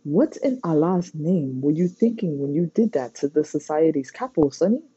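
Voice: mid-range voice, expressive, normal speed, warm tone, slightly rough. A reader voicing a blunt, scolding adult male mentor in a storybook reading. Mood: stern. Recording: dull lo-fi recording.

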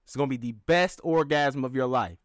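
A man's voice: medium pitch, brisk, dry recording, studio quality. A man in casual group chat, posing hypotheticals and pressing questions.

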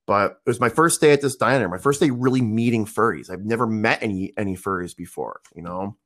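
A man's voice: fairly low pitch, a little fast, a bit bright. A man in his thirties telling a casual story, rambling with lots of fillers and restarts. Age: 30s. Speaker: podcast guest.

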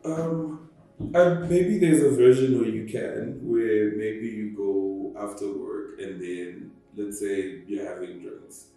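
A man's voice: on the low side, slow pace, mellow, very echoey, far from the mic, soft background music, low-quality recording. A Zimbabwean man answering interview questions reflectively and at length, with short laughs. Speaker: guest.

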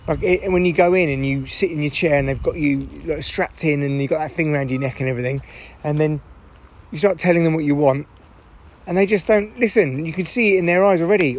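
A middle-aged man with a hoarse voice, chatting in a rambling, irritable way and swearing freely on a solo podcast recorded in a parked car. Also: a little high, fairly quick. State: hoarse from shouting. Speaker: podcast host.

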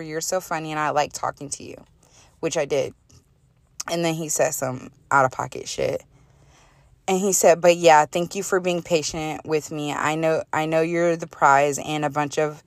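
A young woman with a slightly low voice tells a story in a loose, animated way, reading out text messages and swearing freely. She is close to the mic in a dry room with no echo. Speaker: podcast host. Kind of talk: casual storytelling chat.

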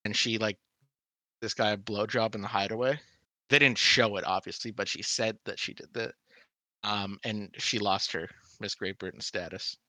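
A man co-hosting a podcast, answering quiz questions in casual chat, blunt and quick to swear and laugh. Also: lowish voice, steady tone, pushed and bright, no echo. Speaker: podcast co-host.

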